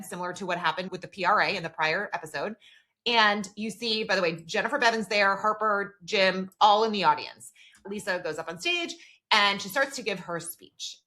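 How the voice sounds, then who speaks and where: A woman's voice: medium pitch, sharp tone. A woman co-hosting a podcast, retelling TV scenes in casual chat, quoting characters and using a lot of filler words. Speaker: podcast co-host.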